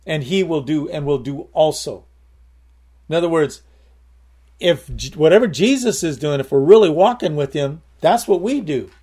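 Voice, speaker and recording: A man's voice: fairly high pitch, lively intonation, normal speed, dark tone, breathy edge. Man preaching an emphatic sermon. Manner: emphatic, addresses the congregation directly with repeated calls of "Amen?"; repeats and restarts phrases while building a point.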